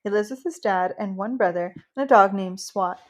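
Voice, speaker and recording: A woman voicing a know-it-all teenage girl, reporting gossip in a matter-of-fact, deliberate way. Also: mid-range voice, close to an everyday voice.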